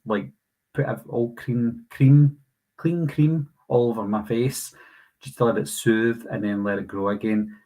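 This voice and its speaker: British male streamer in his 30s, slightly low husky voice, loose conversational delivery. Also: a little mellow, low-quality recording. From United Kingdom. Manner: chatty, reads viewer comments aloud and answers them. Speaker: host of a live Q&A stream. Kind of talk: casual live-stream chat reading comments.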